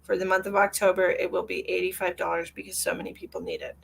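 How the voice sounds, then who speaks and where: A woman's voice: on the low side, very animated, fast, creaky, slight background noise. A woman psychic medium on a live stream, answering viewer comments in a blunt, lecturing way and repeating phrases for emphasis. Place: at home with her cat.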